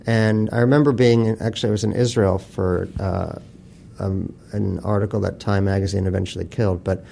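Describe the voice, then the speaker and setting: A man's voice: fairly low pitch, steady tone, fairly quick, creaky, mellow, slight background noise. A man talking as an author guest in an interview, blunt and profane, telling wry stories. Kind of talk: casual interview talk.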